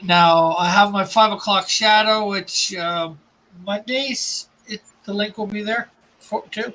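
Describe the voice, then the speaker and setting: A man's voice: sits high, a little slow, sharp tone, rough recording. A man hosting a casual comics livestream, explaining things in a rambling way with fillers and restarts.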